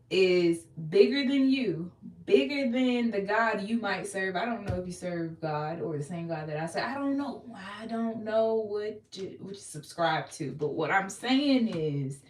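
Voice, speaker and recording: Preachy young woman, echoey distant mic. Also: lowish voice. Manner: emphatic, repetitive, call-and-response. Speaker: motivational live-streamer. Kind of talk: preachy live-stream pep talk. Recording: echoey room, far from mic.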